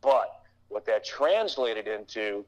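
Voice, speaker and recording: A man being interviewed, telling stories in a rambling way with many fillers and restarts. He has a lingering cough and drops into animated impressions of gruff talk. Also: fairly low pitch, slow pace, highs cut off. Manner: animated, mimicking his father's gruff talk. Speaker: interview guest. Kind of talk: casual interview storytelling.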